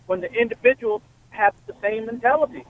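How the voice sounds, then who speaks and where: A man calling in to a radio show, speaking earnestly with halting restarts. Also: very high-pitched. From West Texas. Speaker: caller. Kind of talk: phone-in call. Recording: tinny phone line.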